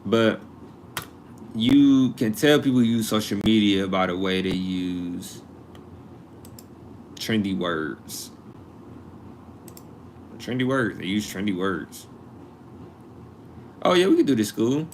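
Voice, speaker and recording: A man's voice: lowish voice, takes it slowly, long pauses, a little mellow, slight background noise. A man in his twenties hosting a casual live stream, chatting and joking as he reads comments and looks up college costs. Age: 20s. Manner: chatty, joking, talks to chat readers.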